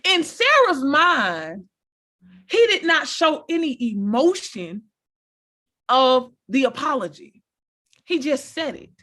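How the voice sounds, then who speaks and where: Woman giving encouraging advice, kinda high voice, talks right to viewers. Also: slow pace, long pauses. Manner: animated, repeats phrases, addresses viewers directly; preachy, encouraging. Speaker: motivational speaker. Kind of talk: casual advice talk to viewers.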